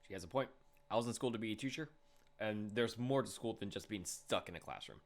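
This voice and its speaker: A man's voice: on the low side, fast, slight background noise. A man casually reacting to a game, joking with slang. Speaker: reaction video host.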